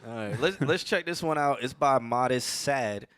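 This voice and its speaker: A man hosting a casual music livestream. His voice is bright, and his pitch jumps all over as he jokes and mangles foreign titles. The sound is dry and close. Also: animated, moderate pace, clear, resonant tone, no echo. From Dominican family. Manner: joking, teasing, stumbles over foreign words. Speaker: music review show host.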